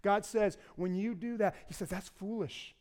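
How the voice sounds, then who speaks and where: High-voiced man preaching with energy. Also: moderate pace, smooth. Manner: animated preaching, asks the congregation to repeat words. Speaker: pastor. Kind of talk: sermon.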